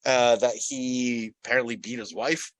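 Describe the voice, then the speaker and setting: A man's voice: mid-range voice, steady tone, moderate pace, no echo, low-quality recording. A man hosting a podcast, chatting casually and animatedly, often breaking off mid-sentence and swearing. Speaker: podcast host. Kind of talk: casual chat.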